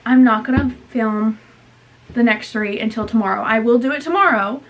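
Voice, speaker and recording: A young woman in her twenties talks straight to camera in a loose, rambling vlog. Her voice sits a little high, and her chat runs on with constant fillers and self-corrections. She sounds worn out and low on energy. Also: normal speed, muffled recording. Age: 20s. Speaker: vlogger.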